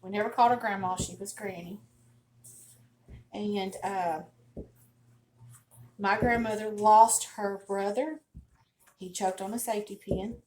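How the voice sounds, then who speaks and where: A woman's voice: mid-range voice, steady tone, measured pace, pauses often, darkish tone, slight background noise. A middle-aged woman with a Southern US accent hosts a casual home cooking demonstration, talking in a folksy, chatty, storytelling way from her kitchen. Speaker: cooking channel host.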